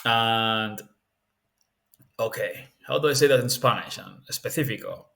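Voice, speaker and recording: A man's voice: medium pitch, a little slow, fairly bright tone. Candid, rambling man explaining language learning. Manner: candid and rambling, with frequent restarts. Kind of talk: casual spoken tutorial.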